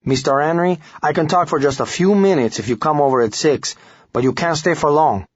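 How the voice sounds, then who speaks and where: A hesitant, evasive man with a thick Spanish accent, speaking higher than a plain voice and stalling on every answer, as an audiobook narrator puts him on. The voice is husky and dry, with slightly dull lo-fi sound. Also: fairly quick, no room sound. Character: nervous evasive middle-aged Hispanic man.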